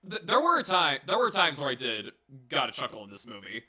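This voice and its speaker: A young man with a mid-range, sharp-toned voice gives a casual movie review, talking briskly with huge swings in pitch. He rambles, swears and jokes, with lots of fillers and restarts.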